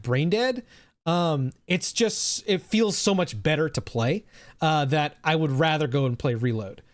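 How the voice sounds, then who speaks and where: A male streamer talks off the cuff to his chat, rambling and dropping the odd swear word. His voice sits a little high for a man. The sound is dry and close, with no room in it. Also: dry recording. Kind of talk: casual live-stream reaction chat.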